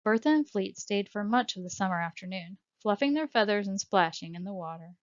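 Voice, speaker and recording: A woman narrating a children's storybook in a measured, expressive reading voice. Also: mid-range voice. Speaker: audiobook narrator. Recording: dull lo-fi audiobook recording.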